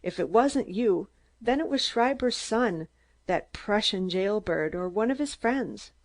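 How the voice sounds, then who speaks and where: A woman's voice: mid-range voice, lively intonation, measured pace, close to an everyday voice. A woman reading an audiobook, voicing a male lawyer turned detective who speaks coldly and firmly. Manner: cold and firm.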